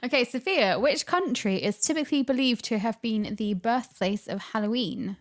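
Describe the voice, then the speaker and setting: A woman's voice: fairly high pitch, moderate pace. A woman hosting a quiz on a casual podcast, upbeat and laughing often. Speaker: quiz host.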